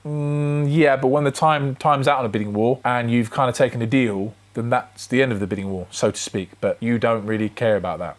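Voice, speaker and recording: A man with a Gibraltarian accent telling a story to camera in a frank, opinionated way, with lively shifts in his voice as he talks it through. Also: a little fast, hardly any pauses. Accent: Gibraltarian English. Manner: animated, acts out both sides of the chat with shifting pitch; frank and opinionated, asides to the viewer. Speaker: trading card collector and vendor. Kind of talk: storytelling vlog retelling a chat exchange.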